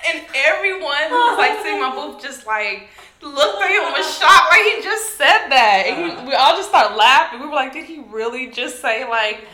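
Woman co-host, thirties, bright voice, laughs through her stories, echoey room. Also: sits high. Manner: animated, laughing, drawn-out "like" fillers. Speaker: podcast co-host. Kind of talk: casual chat, storytelling.

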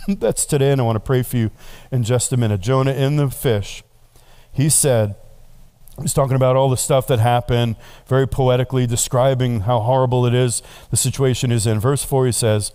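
Delivering a sermon, a middle-aged pastor narrates animatedly and slips in playful side comments. He speaks smoothly at medium pitch and a moderate pace.

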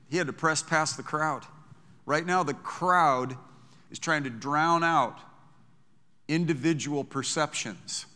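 A male pastor preaching a sermon to a congregation, impassioned and rising to loud emphatic peaks. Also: fairly high pitch. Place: church sanctuary before a congregation. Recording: long hall reverb in a church.

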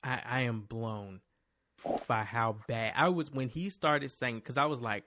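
A man's voice: medium pitch, measured pace, noisy background. A man ranting casually. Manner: animated ranting, swearing freely. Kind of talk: casual chat.

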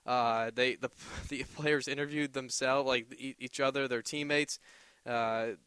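Man, podcast host, young adult, bright voice, dry close sound, rambling casual talk. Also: medium pitch, fairly even intonation, measured pace, clear, resonant tone, no room sound. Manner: rambling, many restarts and fillers.

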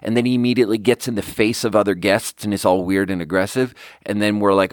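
A podcast host who also manages a bar tells a story in a casual, rambling way, full of fillers, animatedly acting out the quoted dialogue. His voice sits on the low side and moves briskly. The recording is dry and of studio quality.

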